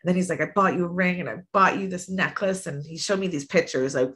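Bright-voiced woman telling candid stories. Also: lowish voice, fast. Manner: chatty storyteller, acts out quotes with laughs. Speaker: podcast guest. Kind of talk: candid casual chat.

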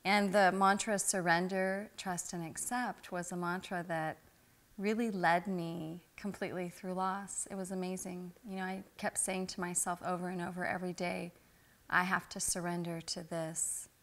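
Middle-aged woman, interview guest, lowish voice, heartfelt reflective storytelling. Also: moderate pace. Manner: earnest, spiritual, animated when telling stories.

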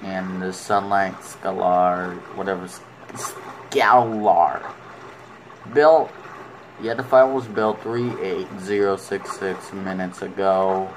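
A man with a slightly low voice rambles through unhurried gameplay commentary. He talks slowly and casually, and often chats fondly to the game's creatures as if they could hear him. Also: level tone, a little hiss or hum, rough recording. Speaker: video game player.

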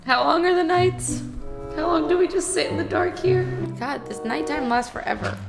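A young woman streaming a game in casual chatter, excitable, gasping and cursing at what happens on screen. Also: high voice, moderate pace, creaky. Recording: music playing behind her.

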